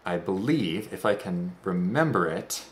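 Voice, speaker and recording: A man's voice: low voice, expressive, measured pace, roomy sound. A man hosting a let's play, giving casual gameplay commentary with rambling, self-deprecating, goofy asides.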